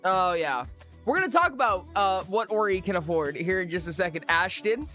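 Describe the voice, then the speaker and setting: Lively, rambling live streamer. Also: medium pitch, brisk, faint music behind. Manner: bubbly, rambling, self-mocking. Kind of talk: casual chat with viewers.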